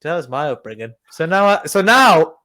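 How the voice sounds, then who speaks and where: Wanted: a young British man, rambling comic storyteller with a fairly high voice, for a casual podcast. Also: sing-song, normal speed, sharp tone. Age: young adult. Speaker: podcast co-host. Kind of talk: casual chat.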